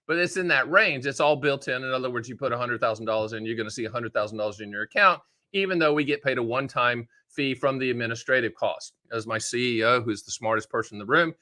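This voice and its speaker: A man hosting his own show about annuities, explaining in a casual, folksy way with joking asides and quick put-on voices. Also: mid-range voice, pushed and bright. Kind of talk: casual direct-to-camera explainer.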